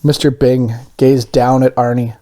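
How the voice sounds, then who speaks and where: A man reading a children's storybook aloud as a parent, expressive and animated. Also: medium pitch, unhurried.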